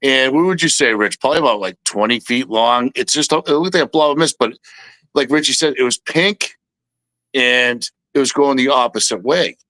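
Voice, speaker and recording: A podcast co-host with a mid-range, bright, forceful voice tells a story at a moderate pace during casual chat, acting out the quoted lines. The recording is dry.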